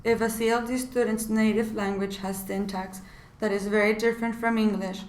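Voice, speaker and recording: A woman's voice: mid-range voice, flat delivery, moderate pace, darkish tone, echoey room. A woman student explaining from the textbook in a prepared class presentation. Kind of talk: reading a scripted class presentation.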